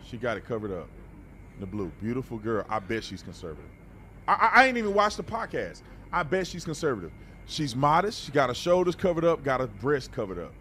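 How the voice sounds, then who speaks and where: A man's voice: mid-range voice, very animated, fairly quick, pushed and bright, slight background noise. A man hosting a reaction video, talking bluntly and animatedly in a preachy, casual way and often repeating words.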